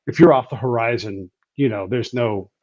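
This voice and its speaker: A man hosting a casual podcast, telling stories with lively acted-out quotes and laughing easily. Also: mid-range voice, moderate pace, no room sound, muffled recording. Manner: animated storyteller, acting out quotes with a rising voice. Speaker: podcast host.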